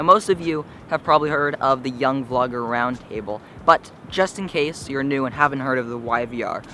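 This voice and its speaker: Breathless, bright-voiced young man vlogging. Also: mid-range voice, slight background noise. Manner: chatty, rambling, loose with fillers. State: slightly out of breath. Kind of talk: casual vlog talk to camera.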